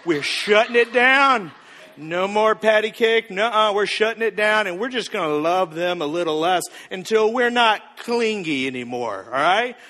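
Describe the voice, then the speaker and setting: A man's voice: sits high, moderate pace, hardly any pauses, a bit bright. A man playing a cocky, smug advice guru who teases and drills the audience. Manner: mock-confident, teasing, drills the audience. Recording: reverberant hall.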